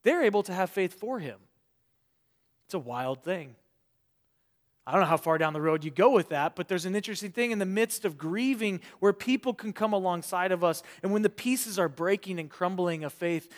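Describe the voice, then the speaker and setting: A pastor with a high-pitched voice delivers an earnest sermon. His delivery rises to loud emphasis and then sinks to quiet, trailing phrases. He often restarts with repeated words.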